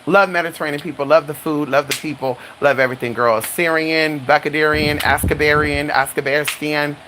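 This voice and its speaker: A sassy, flamboyant live-streamer in casual chat with viewers, calling them honey and girl and swooping high on dramatic exclamations. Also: steady tone, fairly quick, fairly bright tone, slight background noise, low-quality recording. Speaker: livestreamer.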